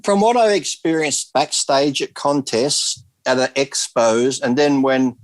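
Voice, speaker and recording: A man's voice: mid-range voice, measured pace, no echo. A man on a video call, telling rambling stories in casual chat and swearing freely. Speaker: guest.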